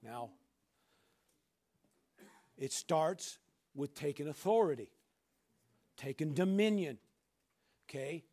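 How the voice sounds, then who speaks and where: A man preaching a sermon as pastor, emphatic, with repeated rhetorical questions that build up to shouting. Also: a little high, animated, slow pace, pauses often.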